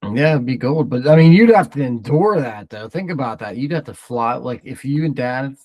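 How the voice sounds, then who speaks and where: A man's voice: medium pitch, expressive, normal speed, dark tone, dry recording. A middle-aged man co-hosting a podcast, laid-back and brief in casual chat. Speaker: podcast co-host.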